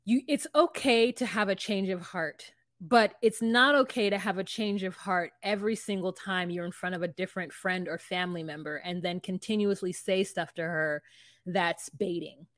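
A woman's voice: lowish voice, normal speed, a bit bright, dry recording, studio quality. A woman co-hosting a podcast, chatting casually and retelling scenes by quoting the people in them. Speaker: podcast co-host. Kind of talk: casual recap chat.

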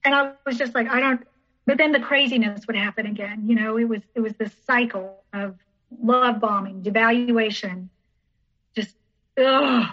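A woman's voice: a little high, steady tone, normal speed. Woman telling her story, repeating herself. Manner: rambling, repeats herself, acts out others' lines. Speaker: podcast guest; teacher. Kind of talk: personal storytelling in an interview. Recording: dull lo-fi recording.

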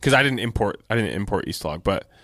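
A man's voice: fairly low pitch, animated, quick pace, bright, forceful tone, no echo, studio quality. A man co-hosting a podcast about his clothing shop, talking in a laid-back way, swearing freely and laughing often. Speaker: podcast co-host and shop owner. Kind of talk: casual chat.

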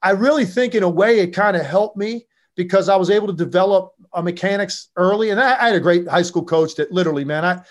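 Animated high-voiced man telling stories. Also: fast talker, hardly any pauses. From Virginia. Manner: animated, with frequent fillers. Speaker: interview guest, former basketball player. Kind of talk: casual interview storytelling.

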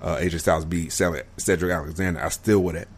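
A man co-hosting a casual wrestling podcast, an excitable and emphatic fan. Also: low-pitched, quick pace, husky. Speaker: podcast co-host.

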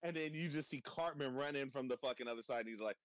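A man's voice: mid-range voice, fast, no echo. A young man hosting a casual chat, laughing often, swearing freely and rambling about a cartoon episode. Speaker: podcast host.

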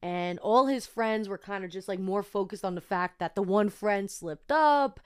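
A woman's voice: mid-range voice, normal speed, smooth, dry recording. Young woman podcaster rambling through a story, lots of "like", dry close sound. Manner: emotional, rambling, heavy use of "like" and "you know". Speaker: podcast host. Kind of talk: casual personal storytelling.

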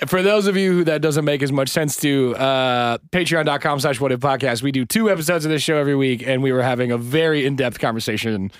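A man co-hosting a podcast in casual chat, reacting quickly and swearing casually. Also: medium pitch, clear, resonant tone, no room sound, studio quality. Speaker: podcast co-host.

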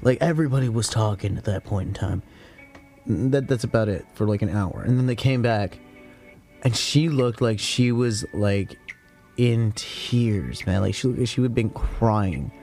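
Crude rambling young man with a low voice. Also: a little slow, darkish tone, soft background music. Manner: rambling, crude slang, frequent "like" fillers. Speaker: podcast host. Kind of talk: casual storytelling rant.

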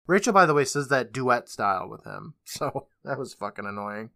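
A man's voice: medium pitch, animated, normal speed, hardly any pauses, bright, forceful tone, no echo, studio quality. A man hosting a podcast, recapping a TV episode in a loose, profane, sarcastic way. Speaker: podcast host.

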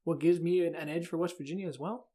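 A man's voice: on the high side, fairly even intonation, fast, dark tone. A man hosting a casual college sports podcast, chatting and reading a sponsor spot in a loose, self-deprecating way. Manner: chatty, self-deprecating, reads ads conversationally. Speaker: podcast host.

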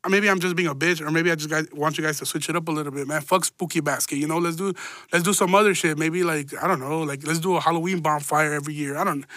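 A man's voice: fairly high pitch, fairly even intonation, fast, bright, forceful tone, no room sound, clean studio sound. A man hosting a podcast, telling stories in a rambling, profane, laid-back way full of slang. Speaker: podcast host. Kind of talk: casual solo podcast storytelling.

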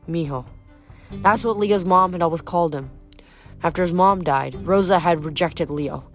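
A woman reading a novel aloud in an expressive narrating voice. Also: on the low side. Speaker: reader.

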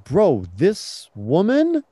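A man's voice: high-pitched, very slow, no room sound. A man co-hosting a casual podcast chat, telling stories and acting out what friends said. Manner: animated storyteller, acts out quoted friends. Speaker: podcast co-host.

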